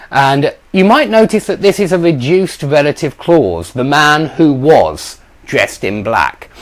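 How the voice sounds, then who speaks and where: A man teaching an online grammar lesson, explaining patiently with frequent ums and the odd self-deprecating chuckle. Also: on the high side. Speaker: English teacher.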